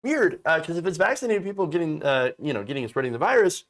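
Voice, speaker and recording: A man's voice: on the high side, sing-song, quick pace, a bit bright. A man hosting a political commentary show, ranting in a profane, exasperated and mocking way.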